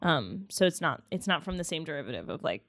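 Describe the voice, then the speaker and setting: A woman's voice: low-pitched, very animated, fast, a bit bright, no room sound, clean studio sound. A woman co-hosting a podcast in casual chat, rambling with lots of fillers. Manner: rambling, filler-heavy, laid-back. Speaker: podcast co-host.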